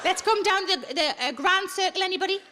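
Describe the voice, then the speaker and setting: A woman's voice: very high voice, a little fast. A woman comedian doing bawdy, chatty stand-up crowd work in a theatre, laughing at her own jokes. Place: large theatre on stage. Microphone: handheld stage mic. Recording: live theatre with loud noise.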